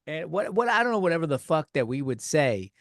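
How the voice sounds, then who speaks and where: A man's voice: on the high side, sing-song, a little fast, gravelly, fairly bright tone, dry recording, studio quality. A man with a Californian accent hosting a podcast, chatting in a joking, rambling, profane way. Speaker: podcast host. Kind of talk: casual comedic chat.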